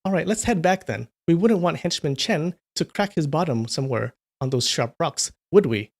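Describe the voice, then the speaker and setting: A man's voice: on the high side, lively intonation, moderate pace, creaky. A man playing a cocky young master. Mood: teasing. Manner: playful, teasing. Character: cocky, teasing young male nobleman.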